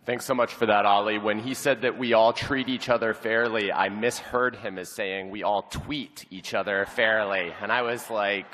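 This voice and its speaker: A man's voice: fairly low pitch, fairly even intonation, moderate pace, hardly any pauses, fairly bright tone. A man emceeing a convention, introducing speakers in a casual, joking way. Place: large convention hall. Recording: long hall reverb.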